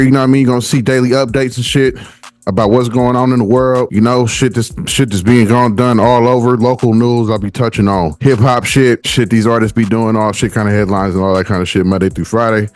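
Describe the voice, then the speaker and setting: A middle-aged man hosting his own podcast, out of breath and rambling loosely, always asking "you know what I'm saying". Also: mid-range voice. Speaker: podcast host. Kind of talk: casual solo podcast talk. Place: home setup beside a watch box.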